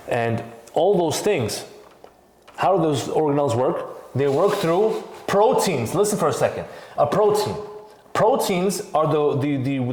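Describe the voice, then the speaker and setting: A man's voice: medium pitch, darkish tone, reverberant. A man co-hosting a casual podcast who explains his ideas step by step and asks rhetorical questions as he goes. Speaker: podcast co-host.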